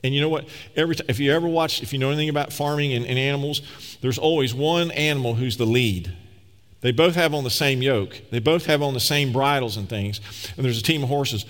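A man's voice: mid-range voice, fairly quick, a bit bright. A man preaching a sermon as pastor, talking conversationally and emphatically, acting out little quoted voices. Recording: reverberant hall.

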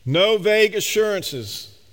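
A man's voice: high-pitched, lively intonation, slow pace, fairly bright tone, big-room sound. A man preaching a sermon, emphatic and speaking straight to his listeners. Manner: emphatic, addresses the congregation directly.

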